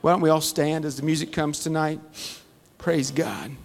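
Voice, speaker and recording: Folksy preaching man, higher voice. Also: fairly even intonation, moderate pace. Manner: folksy, storytelling with humor. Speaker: Bible study teacher. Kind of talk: conversational sermon. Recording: long church-hall reverb.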